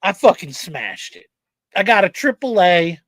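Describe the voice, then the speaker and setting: An unhurried man with a high-pitched voice hosts a casual podcast, swearing freely while he animatedly tells a story. No echo is present.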